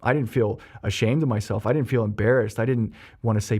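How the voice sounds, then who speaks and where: A man's voice: lowish voice, a little fast, breathy edge. Male therapist telling a story. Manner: animated storyteller, frequent ums and restarts. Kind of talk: explanatory podcast talk with personal anecdote.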